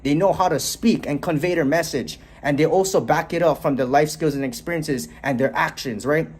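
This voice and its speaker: This young adult vlogger's voice is fairly high, a little fast and slightly mellow, with a bit of hiss or hum in the recording. He gives a casual motivational rant about communication to camera, swearing frequently and adding "right?" to his lines, starting in a bedroom before heading out onto a street.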